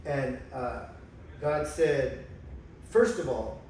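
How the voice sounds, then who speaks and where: A man telling a personal story in a casual conversation, animated and emotional, acting out the voices of others. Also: medium pitch, very slow. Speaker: guest telling his spiritual experiences. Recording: echoey room, far from mic, faint noise.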